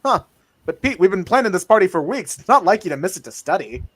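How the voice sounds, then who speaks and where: A man voicing a loud, friendly young college jock while reading a comic aloud. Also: high-pitched, very animated, fast, breathy edge, exaggerated voice. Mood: hearty.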